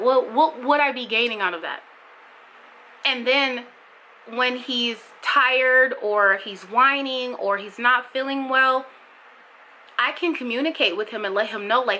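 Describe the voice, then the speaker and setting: A woman's voice: unhurried, a little hiss or hum, low-quality recording. A young adult woman vlogging candidly, talking with strong feeling and repeating herself for emphasis. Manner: impassioned, emphatic, repetitive for emphasis; bursts high and loud when mimicking others. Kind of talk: candid vlog monologue.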